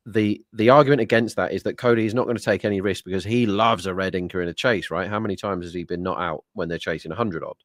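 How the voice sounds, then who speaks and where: A man's voice: low voice, fairly even intonation, fast, few pauses, no room sound, studio quality. A man co-hosting a live sports watch-along, chatting through betting lines and the match action. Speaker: co-host and betting tipster.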